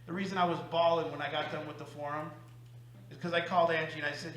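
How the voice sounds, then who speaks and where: A man coaching a recovery group, talking emphatically and confessionally, swinging between loud bursts and hushed asides. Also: a little high, flat delivery, fast, roomy sound, heavy background noise. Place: meeting room.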